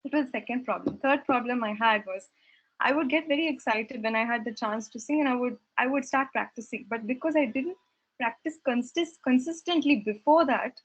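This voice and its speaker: Brief: young woman, husky and fairly high, earnest reflective testimony, lo-fi dull sound. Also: a little fast. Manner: earnest, reflective storytelling with hesitant restarts. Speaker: satsang speaker sharing her story. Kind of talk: personal testimony talk.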